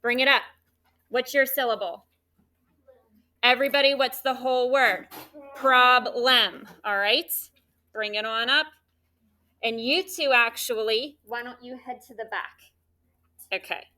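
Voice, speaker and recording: Bright, slightly high woman teacher leading a third grade class through coaxing phonics drills. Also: measured pace, long pauses. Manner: animated, coaxing call-and-response questions.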